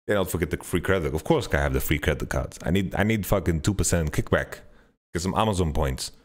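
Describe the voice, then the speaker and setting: A man hosting a podcast, telling a rambling story in an animated, sweary way and playing out his own thoughts. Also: fast. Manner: animated storytelling, swears freely, mimics himself with pitch jumps. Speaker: podcast host. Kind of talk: casual rambling monologue.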